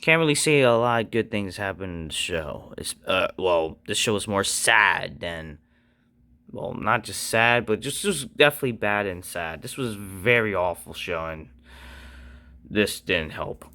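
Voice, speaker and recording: Blunt, cursing wrestling reviewer, smooth-voiced man. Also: lively intonation, a little slow, sharp tone. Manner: blunt, profane, frequent fillers and restarts; mocking high-pitched impressions of others. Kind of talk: casual opinion rant.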